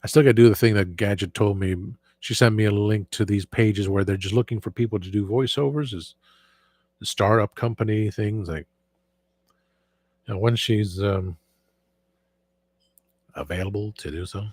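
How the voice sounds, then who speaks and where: A man with a sore, hoarse voice hosting a casual livestream and rambling with frequent restarts. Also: lowish voice, normal speed, pauses often, darkish tone, no room sound. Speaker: show host.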